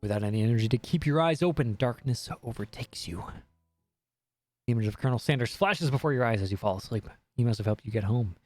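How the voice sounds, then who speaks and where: A man's voice: medium pitch, quick pace. A man streaming a dating game, reading the text aloud with jokey, swearing commentary. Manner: animated, jokey, swears freely.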